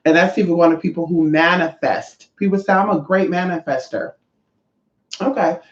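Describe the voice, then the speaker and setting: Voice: medium pitch, fairly even intonation, normal speed. Sassy spiritual teacher ranting casually, swears a lot, roomy kinda muffled sound. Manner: brash, profane, sassy. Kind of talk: casual vlog monologue. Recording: echoey, slightly dull room sound.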